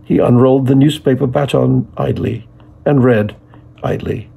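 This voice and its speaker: A man reading a literary novel aloud with measured, deliberate phrasing. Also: mid-range voice, creaky, husky, narrow, tinny audio. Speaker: reader.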